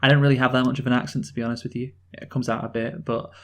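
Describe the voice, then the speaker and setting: A man from the North of England co-hosting a relaxed film review podcast. He talks with easy enthusiasm at a middle pitch, looping and restarting his sentences as he goes. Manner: enthusiastic, rambling, halting restarts. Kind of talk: casual film discussion.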